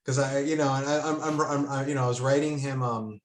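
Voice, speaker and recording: A man's voice: medium pitch, steady tone, fast talker. A man talking about his own work as a guest in a casual conversation, full of ums and restarts. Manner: hesitant, many fillers and restarts. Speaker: author and guest. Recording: roomy echo.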